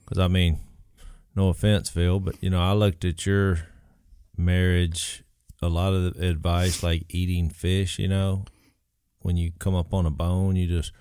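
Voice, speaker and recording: A middle-aged man co-hosting a casual chat and telling stories with an animated delivery. His voice sits a little low, and the recording is close and dry. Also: a little slow, smooth, no echo. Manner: animated storyteller who laughs easily. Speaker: co-host.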